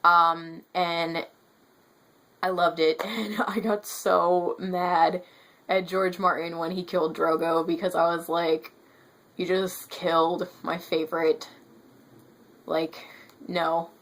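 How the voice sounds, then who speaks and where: A woman in a casual book review vlog with a somewhat low voice. She rambles, stops to correct herself, and turns emphatic when something annoys her. She gestures with her hands as she talks to camera. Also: fairly even intonation, slow pace, a bit bright. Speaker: book vlogger.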